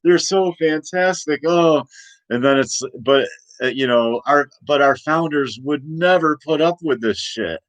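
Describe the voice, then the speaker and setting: A man's voice: medium pitch, moderate pace, a bit bright, dry recording. Rambling man ranting in a dry room. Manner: rambling, many restarts, laughs at himself. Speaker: host. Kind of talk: casual political rant.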